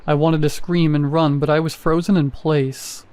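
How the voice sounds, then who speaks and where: A man reading a first-person horror story in a measured, even storytelling manner. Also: a little high, clean tone. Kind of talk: scripted horror narration.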